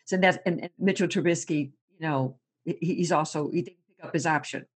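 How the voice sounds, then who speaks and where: A woman sports reporter chatting casually and telling animated stories, laughing often and repeating words as she goes. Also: deep voice, fairly quick, slightly rough.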